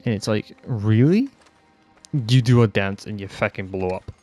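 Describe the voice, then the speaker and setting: A man's voice: fairly low pitch, moderate pace, darkish tone, faint music behind. A Scottish man ranting bluntly and rambling on a casual podcast, swearing heavily and sounding fed up. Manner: exasperated, fed-up. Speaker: podcast host.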